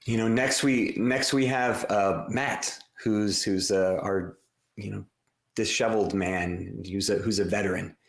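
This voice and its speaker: A man's voice: lowish voice, fairly even intonation, unhurried, creaky, reverberant. A man hosting his podcast, talking about his book in a loose, rambling way full of fillers and restarts. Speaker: podcast host and author. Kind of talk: casual podcast talk.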